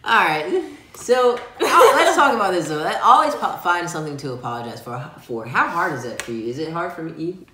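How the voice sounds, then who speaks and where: A man's voice: a little high, sing-song, fairly quick, pushed and bright, echoey room. A man co-hosting a casual advice chat with his partner, speaking earnestly and a little preachy but easygoing. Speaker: co-host of a couple's channel.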